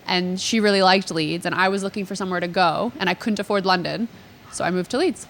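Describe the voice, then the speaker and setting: A woman's voice: fairly low pitch, fast, a bit bright. A young adult woman from Canada with a southern Ontario accent, a comedian chatting confidently on a podcast, laughing easily. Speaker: guest comedian. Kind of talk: casual podcast chat. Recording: faint background noise.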